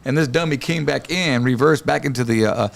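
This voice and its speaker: A man's voice: mid-range voice, brisk, gravelly. Laid-back man, slangy. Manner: laid-back slangy storyteller, laughs often. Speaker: podcast host. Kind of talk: casual chat, storytelling.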